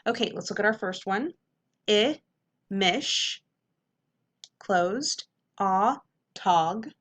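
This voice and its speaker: A young adult woman teacher giving an upbeat phonics lesson, clearly sounding out letters and syllables. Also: mid-range voice, expressive, extremely slow, a bit bright.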